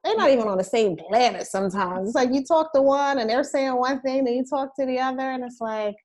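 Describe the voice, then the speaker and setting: A woman's voice: sits high, fast, a little mellow. A woman co-hosting a casual chat, teasing the others and laughing often.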